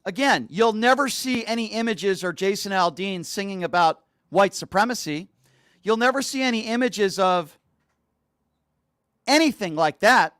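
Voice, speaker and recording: A man with a notably high voice hosts a talk show and rants with scorn, mocking and hammering the same points again and again. His voice sounds dry and close, with no room echo. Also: moderate pace, fairly bright tone. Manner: indignant, mocking, repetitive. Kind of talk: opinionated talk radio rant.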